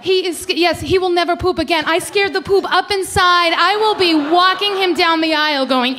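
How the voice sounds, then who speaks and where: A woman in her thirties tears through a stand-up set on a club stage. Her voice sits high and she talks in a brash, animated way, throwing herself into loud quoted voices. A faint hum of room ambience sits behind her. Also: moderate pace, hardly any pauses. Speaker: stand-up comedian.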